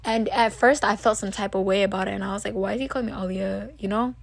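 A woman's voice: mid-range voice, fairly even intonation, fast, creaky. A young woman in her teens casually telling a rambling personal story to camera, full of "like" and "literally". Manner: chatty, rambling, heavy use of "like" and "literally". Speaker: vlogger.

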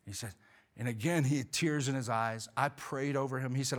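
A man preaching a sermon, telling a story in an animated way, his voice rising when he quotes himself and dropping low and quiet on the serious points. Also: brisk. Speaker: pastor.

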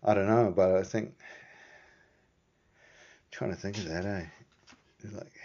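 A man's voice: low-pitched, steady tone, unhurried, pauses often, a little mellow. A man with a New Zealand accent hosting a vlog, rambling in a laid-back, casual way and swearing offhandedly. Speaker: vlog host. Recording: dull lo-fi sound.

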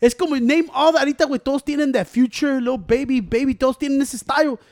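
A man's voice: very high voice, fairly even intonation, fast, dry recording, clean studio sound. A man chatting casually about rap, switching between English and Spanish with slang and swearing. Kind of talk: casual chat.

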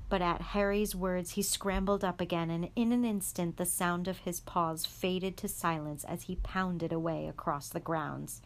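A woman reading a chapter of a storybook aloud in a calm, even voice. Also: fairly low pitch, measured pace, few pauses. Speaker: guest reader.

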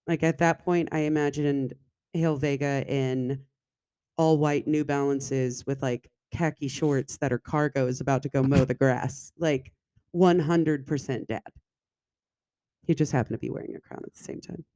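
A woman's voice: a bass voice, steady tone, normal speed, dark tone, dry recording. A woman co-hosting a casual book-discussion podcast. She talks with emphatic, joking enthusiasm. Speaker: podcast co-host.

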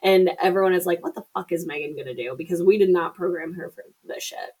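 Speaking fast in a lowish, darkish voice with a breathy edge, this woman co-hosts a podcast and chats her way through a film's plot. She curses liberally and performs the characters' quotes, all on a low-quality recording.

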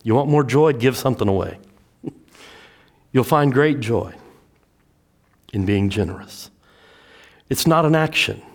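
A middle-aged male pastor preaching a sermon, swinging from loud emphatic lines to hushed storytelling. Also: mid-range voice, expressive, unhurried, long pauses.

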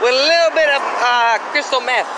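High gravelly man, crude mock-insult banter, noisy street recording with traffic. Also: brisk. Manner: trash-talking, mock insults, slips into Spanish slang.

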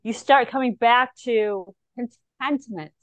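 A woman, a psychic medium, talking in an interview, animated and slipping into the voices of the people she describes. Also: fairly high pitch, takes it slowly, dry recording. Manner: animated, acts out clients' voices in quotes. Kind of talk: conversational interview talk.

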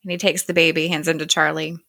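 Chatty woman with a bright, lowish voice. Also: level tone, fast talker, gravelly. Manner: chatty retelling with quoted dialogue. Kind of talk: casual TV episode recap.

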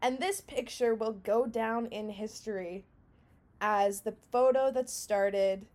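A young woman co-hosting a podcast, telling a story in a casual, animated way and laughing often. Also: fairly high pitch, takes it slowly. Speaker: podcast co-host.

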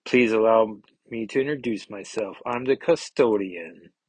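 A man's voice: fairly low pitch, unhurried, breathy edge, dry recording, low-quality recording. A man voicing a creepy male villain posing as a custodian, mocking and taunting his victim with pet names. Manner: mocking, taunting, calls victim dearie and hun.

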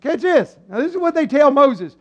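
Lively preacher guy, really high voice, acts out the crowd, church sermon. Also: normal speed, highs cut off. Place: church sanctuary.

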